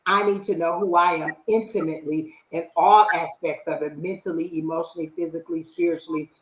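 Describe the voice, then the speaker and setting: A woman with a low voice talks with a live stream audience in a casual, animated way and gives spiritual advice. She often acts out what she says to herself. Her voice rings in an echoey room. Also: a little fast. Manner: animated, acts out her own inner voice and quotes. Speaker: psychic reader, live stream host.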